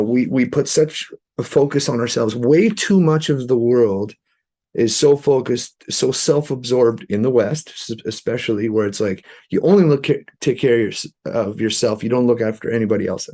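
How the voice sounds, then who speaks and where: Male podcast guest, gravelly, earnest storyteller who keeps it loose and conversational. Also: mid-range voice, a little mellow. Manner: loose and earnest, many "you know" fillers.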